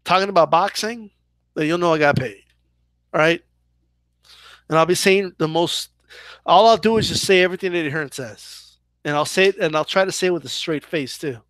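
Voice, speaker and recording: Guy doing a sunday night boxing q&a, kinda high voice, dry close mic, rambly and casual. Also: moderate pace, pauses often, a bit bright, no room sound. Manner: loose and chatty, lots of "like" and "right?". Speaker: boxing channel host. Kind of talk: casual live Q&A, reading viewer questions.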